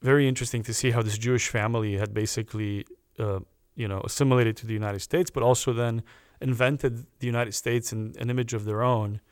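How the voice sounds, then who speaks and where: Man, podcast guest, earnest storyteller, acts out quotes, mid-pitched voice, dead dry sound. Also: steady tone, fairly quick, clear, resonant tone, dry recording. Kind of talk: personal storytelling.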